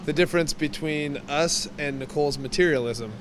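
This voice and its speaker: A man's voice: a little high, moderate pace. Mild-mannered man, noisy background. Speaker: interview guest. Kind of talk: casual chat. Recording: clear background noise.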